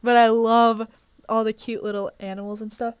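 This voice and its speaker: A woman hosting a casual live stream while gaming, gushing and excitable as she rambles along. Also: fairly high pitch, moderate pace, clean tone, no echo, dull audio. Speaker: streamer host.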